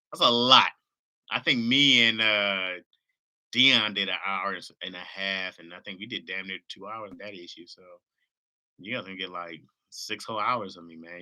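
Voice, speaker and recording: Young adult man, livestream host: very bright tone, casual rambling, sniffly and teary, swears freely. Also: fairly low pitch. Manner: laid-back, rambling, cusses freely.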